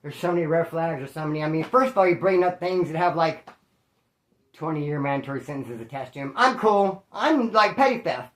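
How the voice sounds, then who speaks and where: A man hosting his channel, telling a street story in a casual, slangy, animated way. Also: a little high, a little fast. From Bakersfield, California. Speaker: storyteller host. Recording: roomy echo.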